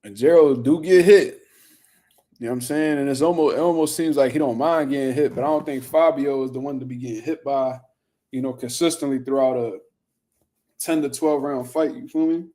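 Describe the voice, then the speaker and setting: Mellow-voiced man ranting about boxing. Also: medium pitch, steady tone, fairly quick. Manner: loose, profane, rambling street talk. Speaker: boxing news show host. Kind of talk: casual commentary, reading viewer comments.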